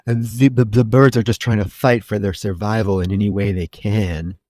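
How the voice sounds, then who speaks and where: A man's voice: lowish voice, steady tone, moderate pace, warm tone, no echo. A man co-hosting a movie podcast, wryly recapping the plot in casual chat. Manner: wry, recapping plot at length. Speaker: podcast co-host.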